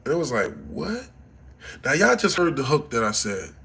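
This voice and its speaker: A man from Texas telling stories casually to his livestream audience on a phone, dropping to low mutters and then rising into loud, excited bursts. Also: quick pace, husky. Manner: animated, swings between mumbling low and loud excited bursts. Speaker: livestream host.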